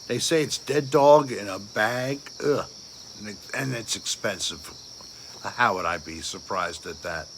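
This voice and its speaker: A man's voice: fairly low pitch, measured pace, a bit bright, slight background noise. A man hosting a casual late-night livestream, rambling and answering viewer comments aloud. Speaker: livestream host reading viewer chat.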